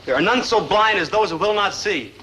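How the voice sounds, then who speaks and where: A deadpan goofy beatnik buddy. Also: male voice, a little high, racing, slight background noise, rough recording. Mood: worried. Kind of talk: 1950s-60s sitcom acting.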